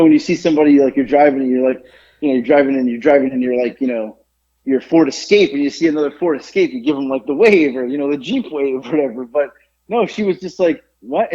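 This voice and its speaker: A man's voice: a little high, mellow. A man co-hosting a podcast, telling a story in a rambling way with many fillers and restarts. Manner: rambling, stumbling over words with many fillers. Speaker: podcast co-host. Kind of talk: casual storytelling chat. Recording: dull lo-fi podcast audio.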